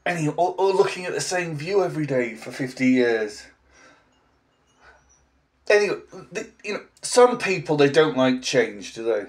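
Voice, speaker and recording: A man in his forties, a language teacher, ranting in a blunt, sarcastic vlog monologue with an English accent. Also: mid-range voice. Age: 40s.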